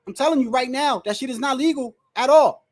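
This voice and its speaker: Sitting high in pitch and speaking briskly, this streamer reacts live to a fight, shouting out exclamations, cursing without restraint and talking straight to the referee and fighters. Viewer messages are read out along the way.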